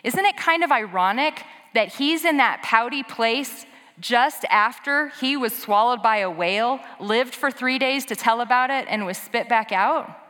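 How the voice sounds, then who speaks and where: A woman giving a conversational sermon in a church, animated and quick with asides to the congregation. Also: a little high. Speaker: preacher. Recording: long hall reverb.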